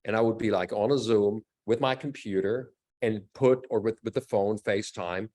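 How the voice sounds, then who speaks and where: A man's voice: on the low side, moderate pace. A middle-aged man, an actor and fight coordinator, telling stories in a casual interview and acting out the lines he quotes. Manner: animated storyteller, acts out quotes.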